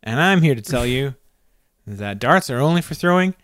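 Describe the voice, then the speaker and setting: A man putting on a pompous male darts champion character in a slow, lowered mock announcer voice. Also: animated, fairly bright tone, close to an everyday voice. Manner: mock public service announcement delivery.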